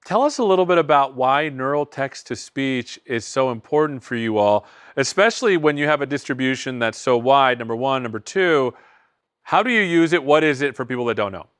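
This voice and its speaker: American host guy, smooth clear voice, chatty and candid, dry close sound. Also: mid-range voice, expressive, fairly quick, fairly bright tone, no room sound. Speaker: panel host. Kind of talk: remote panel discussion.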